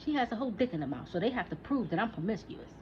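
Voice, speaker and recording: A woman's voice: medium pitch, animated, rapid-fire. Heated, profane woman in her forties. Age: 40s. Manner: profane, heated, talks back to an imagined listener. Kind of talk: casual ranting monologue. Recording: dull lo-fi recording with faint noise.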